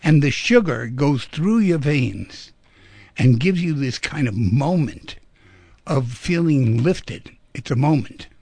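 Male radio call-in host, playful storyteller; husky, dry studio sound. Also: mid-range voice, lively intonation, slow, a little mellow, no room sound. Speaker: radio talk show host.

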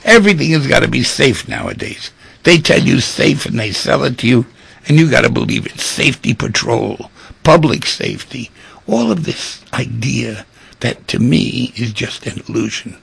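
A man hosting a radio call-in show, giving a preachy monologue full of rhetorical questions and animated storytelling. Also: mid-range voice, creaky, slightly rough.

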